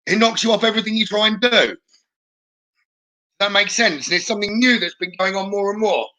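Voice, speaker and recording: A man giving chatty live-streamed spirit readings as a psychic medium, often checking in with a quick "okay?". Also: high voice, sharp tone. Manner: chatty, relays messages with frequent "okay?".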